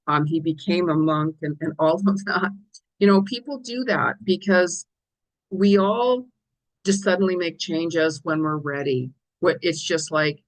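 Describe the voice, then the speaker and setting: A woman's voice: low voice, moderate pace, poor audio. A middle-aged woman psychic giving a weekly forecast in a casual, chatty way, acting out little quoted asides as she goes. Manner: chatty, animated, many quoted asides and restarts. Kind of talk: casual chat.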